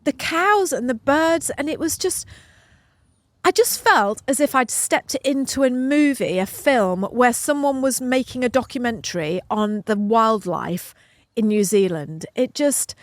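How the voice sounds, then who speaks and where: A woman's voice: fairly high pitch, expressive, measured pace, no echo. A middle-aged woman co-hosting a casual podcast, telling stories in an effusive, emotional way, recorded outdoors at home. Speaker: podcast co-host.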